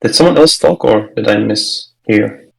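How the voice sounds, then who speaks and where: A man's voice: lowish voice, unhurried, gravelly, poor audio. A man chatting casually in an online book club call, explaining things loosely with lots of fillers and restarts. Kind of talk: casual online group chat. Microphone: video call microphone.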